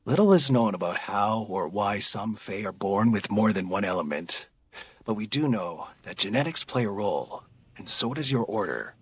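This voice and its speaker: A man reading audiobook narration in a measured, even way. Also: on the low side, breathy edge, no room sound.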